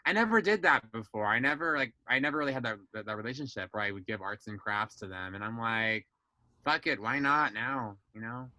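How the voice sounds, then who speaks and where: A man's voice: on the low side, expressive, fast talker, few pauses, sharp tone, rough recording. A young man on a casual podcast, telling personal family stories candidly, swearing freely and acting out relatives' dialogue. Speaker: guest.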